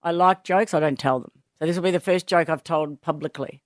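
A woman's voice: low-pitched, fairly quick, no echo. An Australian woman co-hosting a radio show, chatting casually with dry banter. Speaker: radio co-host. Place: radio studio.

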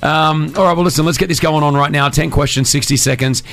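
A man hosting a morning radio show, joking with co-hosts and running a quiz in a quick, upbeat way. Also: a little high, steady tone, creaky, a bit bright. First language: Arabic. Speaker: radio host.

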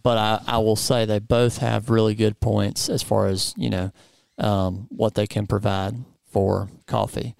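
A man hosts a casual chat in a studio, relaxed and playful, filling gaps with ums and you-knows. His voice is gravelly yet smooth. The sound is close and dry. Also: lowish voice, unhurried, few pauses, no echo. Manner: relaxed, playful, lots of fillers. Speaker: podcast host.

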